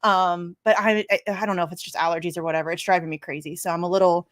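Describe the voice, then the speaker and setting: A woman's voice: fairly low pitch, steady tone, fast talker, no echo, clean studio sound. A woman hosting a casual livestream show, chatty and self-deprecating, a bit congested. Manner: chatty, self-deprecating, frequent fillers and laughs. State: congested from sneezing.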